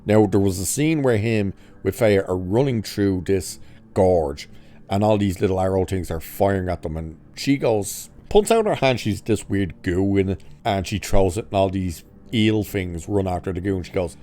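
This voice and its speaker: A man's voice: low-pitched, moderate pace, dark tone. A man casually recapping a film's plot as a reviewer, sarcastic, swearing, and mocking scenes with exaggerated quoted lines. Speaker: movie reviewer.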